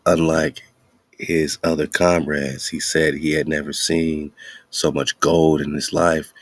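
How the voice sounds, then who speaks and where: Deep-voiced man giving heated commentary. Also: no echo. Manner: preachy, heated, slangy. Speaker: internet radio host. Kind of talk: casual commentary.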